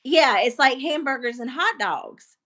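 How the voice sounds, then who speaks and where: A woman, chatting as a guest on a livestream, animated and quick to laugh. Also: sits high. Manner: animated storyteller, laughs easily. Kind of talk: casual chat on a livestream.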